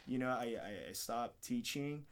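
A man's voice: medium pitch, measured pace. A man, a fighter being interviewed on a podcast, telling a long personal story in a candid, rambling way, swearing often and acting out what people said. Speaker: podcast guest, MMA fighter.

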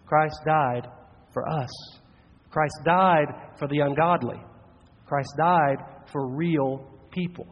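Man, preacher, sermon, slow deliberate delivery, husky voice, slightly high pitch, long hall reverb, dull audio. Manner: earnest, measured preaching with slow emphatic phrases.

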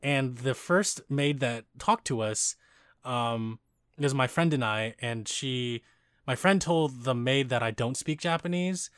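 A young man in casual conversation, telling a story in an animated way, laughing often and acting out the people he quotes. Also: medium pitch, takes it slowly, clean tone, dry recording, clean studio sound.

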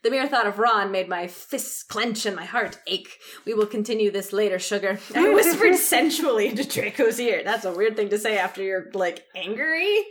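A woman's voice: on the high side, very animated, normal speed, hardly any pauses. Giggly young woman reading aloud wryly. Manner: giggly, wry, often breaks off to comment. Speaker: podcast co-host reading fan fiction. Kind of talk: casual chat, reading aloud.

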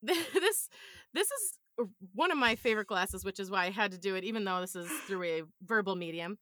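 A woman's voice: medium pitch, lively intonation, moderate pace, fairly bright tone, dry recording, studio quality. A woman chatting as a podcast guest, telling playful stories in a casual way. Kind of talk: casual chat.

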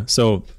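A man's voice: darkish tone, no echo, studio quality. A man hosting a podcast, reading a research paper aloud and critiquing it with insistent emphasis and bursts of giggling. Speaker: podcast host reviewing turf research.

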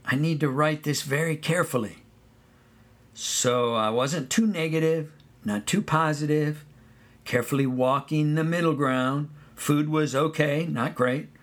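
A man narrating a first-person story of his boyhood at summer camp in a relaxed storytelling way. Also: medium pitch. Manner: relaxed storytelling, sings song snippets.

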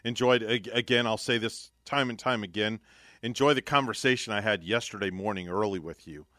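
A man's voice: lowish voice, fairly quick, sharp tone, no echo, studio quality. A man co-hosting a radio morning show in casual on-air chat, rambling with lots of fillers and restarts.

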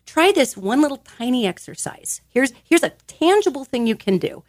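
Woman, lively and animated, fairly high voice, dry close sound, motivational podcast talk. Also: normal speed, no room sound. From grew up in a large Italian family. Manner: animated, emphatic, acts out little quoted voices; expressive, swinging pitch.

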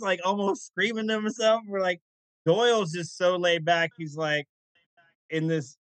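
A man's voice: a little high, fairly bright tone, no echo, poor audio. A man on a podcast, telling rambling stories in casual chat and often restarting his sentences. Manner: rambling, self-correcting storyteller. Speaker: podcast co-host.

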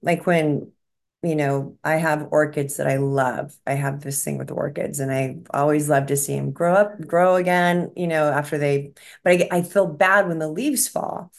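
Low-voiced woman relaying spirit messages. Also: steady tone, moderate pace, vocal fry. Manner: rambling, restarts often, relays messages she is shown. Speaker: psychic medium guest. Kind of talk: casual chat.

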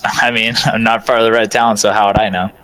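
A man's voice: on the low side, flat delivery, fast talker, bright, forceful tone, poor audio. Offhand joking man playing a tabletop game. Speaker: player. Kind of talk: casual tabletop game chat.

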